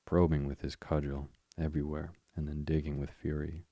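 A man reading a story aloud for sleep, calm and even. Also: rumbling low, normal speed, dry recording. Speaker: podcast host and reader. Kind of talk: slow bedtime story narration.

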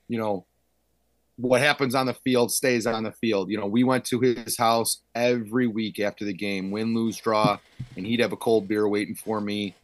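Low-pitched guy coach, chatty storyteller, dry close sound, laughs a lot. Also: steady tone, moderate pace, dry recording. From Illinois, Chicago suburbs. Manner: storytelling, acts out quotes loudly, laughs often. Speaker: high school football defensive coordinator, podcast guest. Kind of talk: casual podcast chat.

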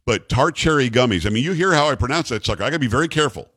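A man's voice: medium pitch, animated, rapid-fire, a bit bright, breathy edge, no room sound. A male talk radio host, blunt and opinionated, reading ads and taking calls with self-mocking jokes. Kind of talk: talk radio and live ad reads.

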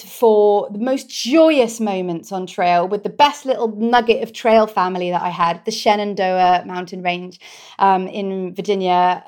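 A British woman, a guest in an interview, telling her story in a heartfelt, expressive way. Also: medium pitch. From Britain. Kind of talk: conversational interview.

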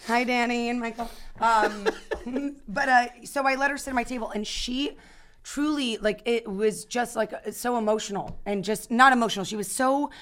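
A woman in her thirties, a guest actor telling stories in a casual podcast chat, animated and full of restarts. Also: on the high side, normal speed. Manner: animated storyteller, many restarts and fillers.

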